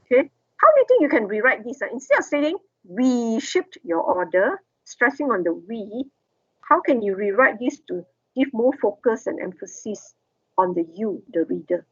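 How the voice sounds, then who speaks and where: Higher-voiced woman lecturing. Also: big pitch swings, normal speed, husky, no room sound, lo-fi sound. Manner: explains step by step, asks the class questions. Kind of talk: classroom lecture.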